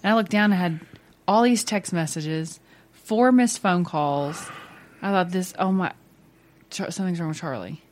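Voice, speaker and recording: Low-voiced chatty woman. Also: moderate pace, slight background noise. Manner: chatty, laughs often. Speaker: mother. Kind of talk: casual chat.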